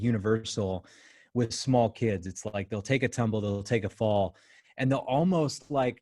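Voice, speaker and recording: A man's voice: fairly low pitch, darkish tone, no echo, studio quality. A man co-hosting a casual church podcast, chatty and laughing, speaking as a parent. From United States. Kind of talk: casual faith discussion.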